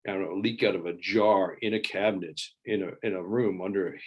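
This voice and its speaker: A man giving an online talk with slides, in a wry and halting way, with many fillers and restarts. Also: deep voice, fairly even intonation, lo-fi sound. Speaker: invited speaker.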